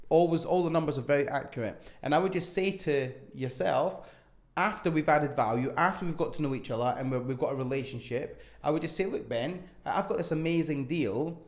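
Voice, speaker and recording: A man's voice: on the high side, fairly quick. A man co-hosting a casual podcast, telling stories and giving numbered tips on property investing. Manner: storytelling, gives numbered tips.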